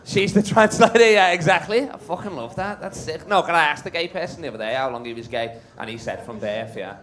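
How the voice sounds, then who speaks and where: On a comedy club stage before a live audience, a man works the crowd in stand-up, bantering brashly and cursing freely. His voice is on the high side, a little fast and fairly bright, and the recording is a live club capture with the crowd.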